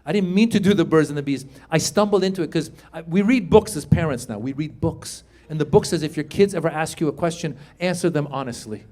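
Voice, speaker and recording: A man's voice: a little high, brisk, few pauses. A middle-aged man doing stand-up comedy on stage, telling stories and acting out dialogue. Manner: animated storytelling, acting out dialogue. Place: comedy stage before a live audience. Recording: live show with faint crowd noise.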